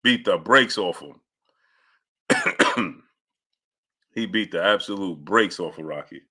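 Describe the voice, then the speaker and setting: A man with a low, husky voice and a sharp, expressive tone takes his time as he hosts a laid-back boxing commentary livestream. He talks animatedly, repeats his phrases, and greets chat viewers by name.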